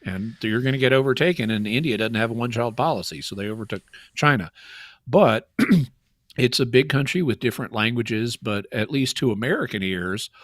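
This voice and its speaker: A man's voice: medium pitch, moderate pace, no room sound, clean studio sound. A man from the Ozark Mountains of Arkansas with an Ozark accent, a caller explaining at length with many fillers and restarts. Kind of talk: casual call-in chat.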